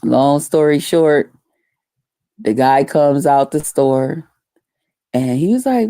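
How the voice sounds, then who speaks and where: A woman vlogger telling a story casually to her viewers, animated and profane. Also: deep voice, takes it slowly, long pauses, dry recording, studio quality.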